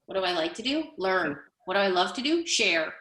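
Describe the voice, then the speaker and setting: A woman coach speaking on a conference panel in an energetic, emphatic way, building points through repetition. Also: medium pitch, a little fast, echoey room. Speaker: guest speaker, leadership coach.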